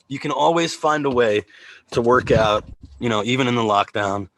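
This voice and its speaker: A man's voice: mid-range voice, normal speed, a bit bright. A man hosting a casual livestream chat, joking, laughing often and rambling with fillers over a video call. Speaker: host.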